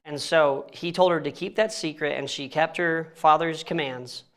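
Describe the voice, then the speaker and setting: A man's voice: on the high side, normal speed, fairly bright tone. A young man reading scripture aloud and teaching it casually in a church, often stumbling over names and laughing at himself. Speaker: Bible study teacher.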